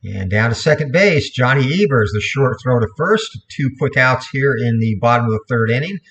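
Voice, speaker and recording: A man's voice: mid-range voice, normal speed. Man calling replay baseball play-by-play. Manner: steady play-by-play with self-corrections. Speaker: play-by-play commentator.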